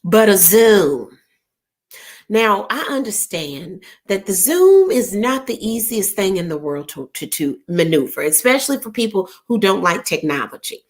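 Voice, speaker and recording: A woman hosting an online gathering, telling a story in a chatty, animated way and jumping between asides. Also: medium pitch, moderate pace, few pauses. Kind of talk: casual storytelling chat.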